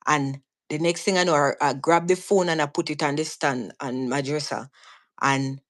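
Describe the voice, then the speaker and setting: Her voice is low with fairly even intonation and a moderate pace; she is a woman with a Jamaican accent telling her own story as a live stream guest. The casual telling is earnest and vivid, with frequent restarts and repeated words.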